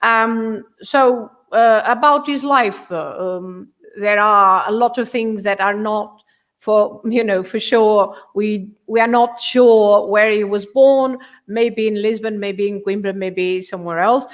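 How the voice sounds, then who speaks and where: A woman from Portugal with a Portuguese accent, a guest teacher explaining culture with many pauses and fillers. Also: medium pitch, fairly even intonation. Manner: halting, many fillers, warm laughs. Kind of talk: explaining culture on a live show.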